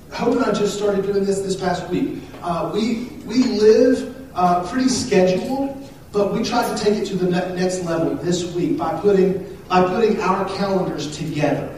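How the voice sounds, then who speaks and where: A man's voice: high voice, normal speed, darkish tone. A male pastor preaching in a joking, conversational way with frequent restarts, heard in a church hall. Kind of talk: sermon. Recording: echoey hall from far off, faint hiss.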